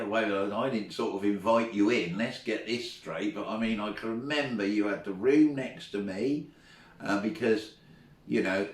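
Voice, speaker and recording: A middle-aged man, a former teacher, telling chatty anecdotes as a guest and laughing often along the way. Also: on the low side. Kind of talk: casual storytelling. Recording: roomy, from far off the mic.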